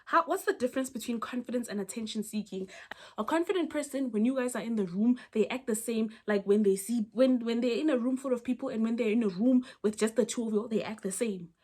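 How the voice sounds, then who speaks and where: A young South African woman gives casual advice to the camera as a vlogger, emphatic and animated, with plenty of rhetorical questions and restarts. Her voice is husky and fairly high, and she talks quickly.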